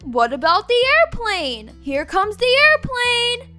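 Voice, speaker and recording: A woman's voice: extremely high pitch, very animated, slow pace, over loud music, heavily acted. A woman voicing a goofy, easygoing young husband in a game roleplay, speaking in a teasing way. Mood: playful.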